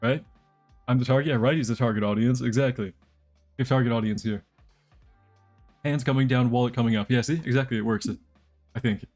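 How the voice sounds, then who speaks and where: A young man chats to his stream while gaming live, loose and joking, with faint music in the background. His mid-range, darkish voice runs a little fast and pauses often.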